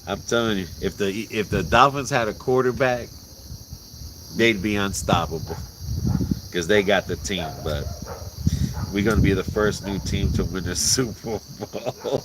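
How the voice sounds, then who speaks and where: Slow, deep-voiced man joking outdoors. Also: background noise. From Puerto Rico. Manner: laughing, joking sports banter with swearing. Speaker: vlog host. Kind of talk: casual chat. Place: outdoors in rural mountains at night. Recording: outdoor recording, loud crickets. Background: loud crickets and insects.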